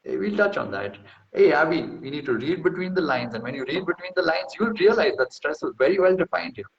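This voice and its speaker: A man's voice: on the high side, lively intonation, fairly quick. Brash, profane man in an echoey room. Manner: brash, profane and mocking, boastful asides. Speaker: host. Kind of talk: casual talk reading through a research paper. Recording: echoey room, slightly dull sound.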